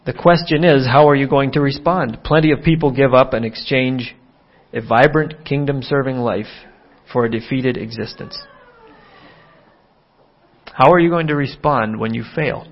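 A man preaching an earnest sermon, voicing quoted dialogue with a lifted, more urgent tone. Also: lo-fi sound. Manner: earnest, acts out quoted dialogue with rising pitch.

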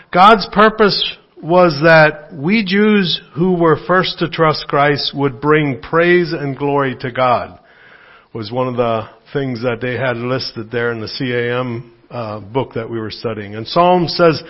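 A man giving a conversational sermon in church, rambling with fillers and restarts, lifting his voice when he quotes scripture. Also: lo-fi sound. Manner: lively pitch swings when quoting scripture. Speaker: lay preacher.

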